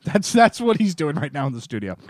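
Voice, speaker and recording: A man co-hosting a podcast from a studio, rambling and animated in casual chat, swearing and acting out silly voices. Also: a little high, brisk, dry recording. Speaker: podcast co-host. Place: radio studio.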